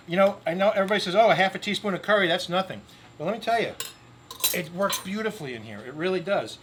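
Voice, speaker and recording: A middle-aged man with a high, somewhat bright voice hosts a grill cooking show outdoors, giving an upbeat, joking demo straight to camera. A little background noise can be heard.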